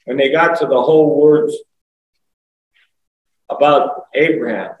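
A man's voice: fairly high pitch, a little slow, narrow, tinny audio. A man preaching a conversational sermon, asking rhetorical questions and rising to emphatic exclamations. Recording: echoey room, voice from far off, faint ambience.

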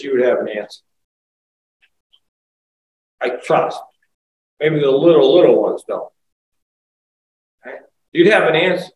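A man's voice: on the high side, unhurried, long pauses, a little hiss or hum. A man preaching a conversational sermon, asking rhetorical questions and rising to emphatic exclamations. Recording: echoey room, voice from far off, faint ambience.

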